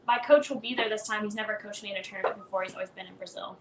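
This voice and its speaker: A woman competitor talking in a chatty, animated way and laughing easily. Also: medium pitch, racing, a little hiss or hum. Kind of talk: casual chat. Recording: echoey, distant mic with faint ambience.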